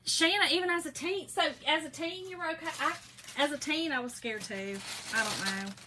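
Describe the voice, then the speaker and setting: A woman's voice: sits high, fairly quick, background noise. A woman hosting a crafting livestream, chatting folksily with viewers and reading out their comments. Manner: chatty, folksy, calls viewers girl and y'all.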